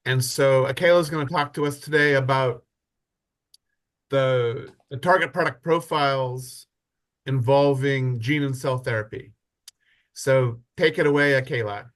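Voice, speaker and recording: A man's voice: medium pitch, measured pace. A man moderating an online workshop, introducing speakers casually over a video call.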